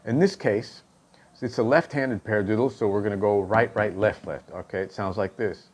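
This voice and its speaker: Talking at normal speed in a voice on the low side, a man teaches drum stick technique. After each point he asks "okay?", and along the way he counts and calls out the stickings aloud.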